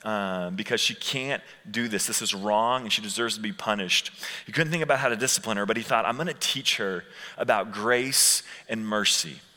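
A man in his thirties preaching a conversational sermon to students, acting out quotes and slowing down for key points. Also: fairly low pitch, bright, forceful tone. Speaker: youth pastor. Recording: long hall reverb.

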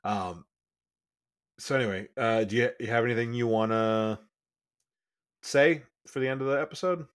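A man's voice: medium pitch, normal speed, long pauses. A man co-hosting a podcast in casual chat, rambling and restarting his sentences, with sudden bursts of speed. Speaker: podcast co-host.

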